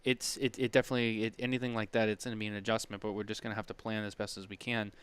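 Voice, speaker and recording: A man's voice: fairly low pitch, flat delivery, racing, a bit bright, clear, resonant tone. A man co-hosting a casual podcast chat, telling a long story with many restarts and acted-out quotes. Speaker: podcast co-host.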